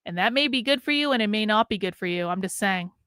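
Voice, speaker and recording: Woman, American accent, live-stream chat, bright and sharp tone, dry close sound, candid, swears a lot. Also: mid-range voice, animated, fast, clear, resonant tone, no echo. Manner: candid and profane, laughing often. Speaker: streamer and commentator. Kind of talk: casual live-stream monologue.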